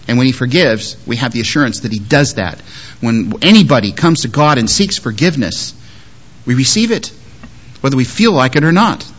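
A man preaching a sermon as a pastor, moving between strong emphasis and quiet, softly spoken quotes. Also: a little high. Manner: lively, shifts between loud emphasis and soft quoted words.

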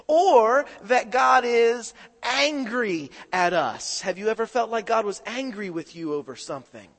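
High-voiced preacher quizzing his congregation. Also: expressive, a little slow, fairly bright tone. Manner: questions the congregation, call-and-response. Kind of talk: sermon. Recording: echoing hall reverb.

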